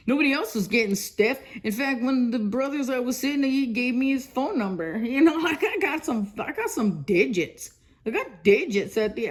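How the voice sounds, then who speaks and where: A woman in her fifties telling a long rambling story for her vlog, repeating herself, laughing often and swearing bluntly. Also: fairly high pitch. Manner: rambling, repetitive, laughs often between phrases; blunt and profane. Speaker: vlogger.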